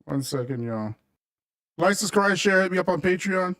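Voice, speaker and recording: A high-pitched man talks to his livestream viewers in a casual, emphatic way and calls them "family". He sounds a little back from the microphone in a dry, dead room. His tone is preachy and full of conviction. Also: lively intonation, moderate pace, fairly bright tone, no echo, distant mic. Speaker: livestream host.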